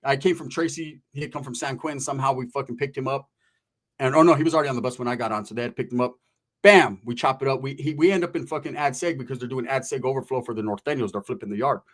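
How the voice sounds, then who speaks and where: A man's voice: mid-range voice, fast talker. A man telling a long story in casual, profane street slang. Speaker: podcast storyteller.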